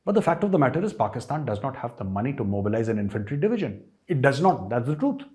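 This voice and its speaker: A man's voice: medium pitch, very animated, quick pace, darkish tone. A man with an Indian English accent giving an emphatic, sarcastic political commentary as a host, full of rhetorical questions. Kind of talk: opinion commentary.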